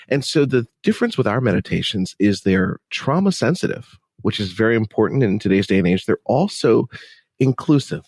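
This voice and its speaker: A man talks as a podcast guest, animated and emphatic in a casual interview way. His voice sits low. The recording is dry and close. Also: fairly quick, gravelly, husky, dry recording. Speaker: podcast guest, mental health speaker. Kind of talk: conversational interview.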